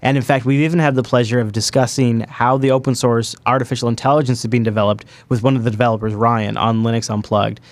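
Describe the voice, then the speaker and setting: A man hosting a tech podcast, talking with excited emphasis and quick asides. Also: mid-range voice, no echo. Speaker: podcast host. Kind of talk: enthusiastic tech podcast chat.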